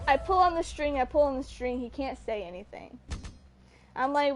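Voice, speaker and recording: High-voiced young woman telling a rambling story. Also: a little slow, a little hiss or hum. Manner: rambling, self-interrupting, earnest. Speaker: streamer. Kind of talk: casual storytelling on a live stream.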